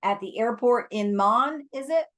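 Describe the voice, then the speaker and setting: A woman's voice: fairly high pitch, unhurried, a bit bright, pitched above the performer's own voice. A woman reading aloud, voicing a young man who talks in a wry, bantering way.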